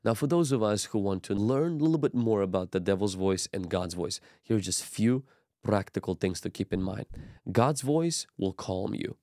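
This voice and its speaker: A man's voice: lowish voice, expressive, normal speed, warm tone, dry recording, studio quality. A man teaching in an earnest, emphatic preaching style, as a pastor giving a sermon.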